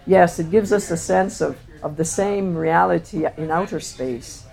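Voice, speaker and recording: A woman with a fairly low voice gives a slide talk to a live audience. She speaks reflectively and haltingly, often stopping on "uh" and restarting her phrases. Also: gravelly, darkish tone. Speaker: speaker presenting photographs.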